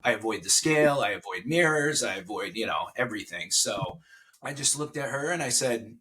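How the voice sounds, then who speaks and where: A man's voice: fairly low pitch, animated, moderate pace, bright, forceful tone, a little hiss or hum. A man in his forties, a podcast guest, telling a personal story in casual conversation and getting emotional. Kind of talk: casual interview chat.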